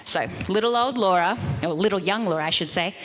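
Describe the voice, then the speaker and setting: A woman gives an energetic, playful motivational talk into a handheld microphone and speaks straight to a live audience. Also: medium pitch, fairly quick, long reverb tail. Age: 30s. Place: event room with an audience.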